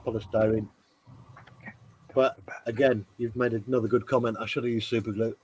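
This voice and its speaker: A man's voice: medium pitch, level tone, moderate pace, a little mellow, slight background noise. A man hosting a casual live stream who mutters to himself at his work while he chats.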